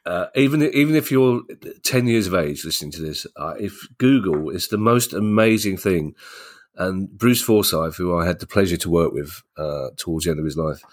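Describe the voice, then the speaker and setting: A man with a very deep voice co-hosts a podcast in relaxed conversation. He rambles with eager enthusiasm, piling up praise as he goes. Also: moderate pace. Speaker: podcast co-host. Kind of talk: casual chat.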